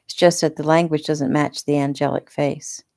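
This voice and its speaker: Plainspoken rancher guy, dry and teasing, read by a woman in her own low voice. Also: level tone, moderate pace, vocal fry, a little mellow.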